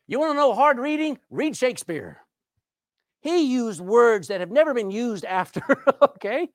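A man preaching with a voice that leaps up and down in pitch, pausing for effect and stretching key words. The sound is close and dry. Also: sing-song, dry recording. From Texas. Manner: emphatic, with dramatic pauses and drawn-out words. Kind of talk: sermon.

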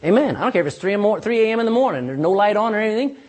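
A man's voice: high voice, very animated, racing, darkish tone. A pastor preaching a sermon in church, folksy and emphatic, talking straight to his congregation.

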